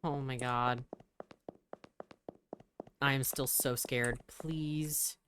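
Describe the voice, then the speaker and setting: A woman's voice: very deep voice, little pitch movement, slow, fairly bright tone, slight background noise. A woman playing a horror game, reading its text aloud and anxiously pleading with it. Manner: nervous, pleading repetitions. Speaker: let's play gamer.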